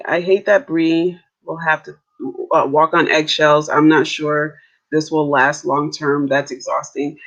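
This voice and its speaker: A woman joins the stream as a guest and shares her opinions with care. Her voice is bright and forward, though the audio comes through dull and lo-fi. She talks through her points in a casual way. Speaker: guest commentator. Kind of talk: casual reality TV commentary. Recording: muffled low-quality audio.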